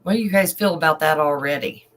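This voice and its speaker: The audio is poor, and the man's voice is fairly high-pitched and a touch bright. Acting as an online commentator, he slowly reads a news story aloud, inserting emotional asides between passages.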